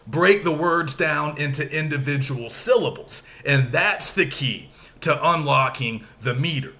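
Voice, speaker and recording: A man teaching a recorded lecture, explaining slowly and stressing syllables aloud to show the rhythm. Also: fairly high pitch, sharp tone.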